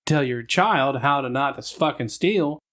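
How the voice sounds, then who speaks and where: A man's voice: mid-range voice, measured pace. A man in his thirties, a podcast co-host telling profane stories and acting out the people in them. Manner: profane, animated storyteller acting out quoted people. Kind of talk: casual chat, storytelling.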